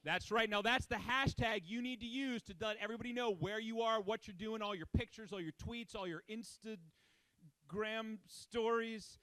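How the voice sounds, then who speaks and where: Hype man with a very high voice, dry close sound, energetic crowd warm-up host. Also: moderate pace, clean tone, dry recording. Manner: energetic, shouting commands to a crowd.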